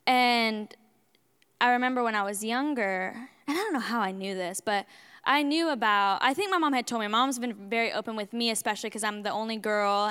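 Young woman, sermon testimony, lively and re-enacting outbursts; high, bright voice with long hall reverb. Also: clean tone. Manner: animated, re-enacts her own outbursts loudly. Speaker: speaker at a church service.

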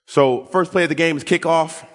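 Animated preacher man in a reverberant hall. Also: moderate pace. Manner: animated, acts out quoted voices with big pitch swings. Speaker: pastor. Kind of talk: sermon with storytelling.

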